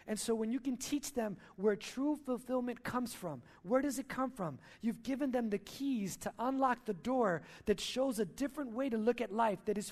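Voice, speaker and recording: A male pastor preaching a sermon at a church service, emphatic, repeating key lines and asking rhetorical questions. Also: very high-pitched.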